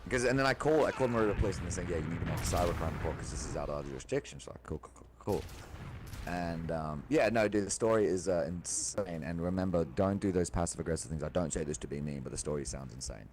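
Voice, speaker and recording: A man's voice: sits low, quick pace, hardly any pauses. A young man venting in a casual monologue, rambling and agitated, swearing often and restarting his sentences. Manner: rambling, profane and agitated, full of restarts and fillers. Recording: loud background noise.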